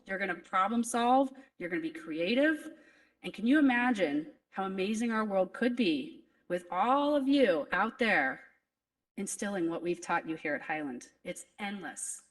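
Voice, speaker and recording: A woman's voice: medium pitch, lively intonation, normal speed, a bit bright, recorded from a distance, low-quality recording. Emotional woman principal giving a speech. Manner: earnest, motivational, emotional. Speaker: school principal. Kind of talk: graduation speech. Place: school graduation ceremony.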